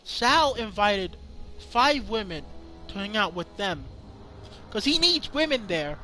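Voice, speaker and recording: Man in casual rant, high-pitched and sharp, swears freely and rambles. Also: slow pace, faint music behind. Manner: profane, rambling, excited. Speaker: movie reviewer.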